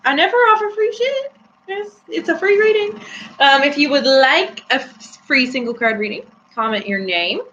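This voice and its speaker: A woman's voice: high voice, lively intonation, moderate pace, fairly bright tone. A woman hosting a casual live-stream tarot reading, chatty and giggly with many fillers. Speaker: host. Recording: slightly dull with faint hum.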